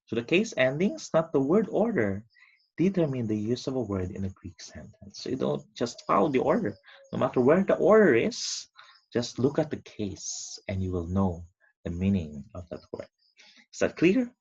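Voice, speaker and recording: A man's voice: medium pitch, very animated, moderate pace, creaky, darkish tone, breathy edge. A man teaching an online lesson, stretching out key words for emphasis. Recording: dull lo-fi recording.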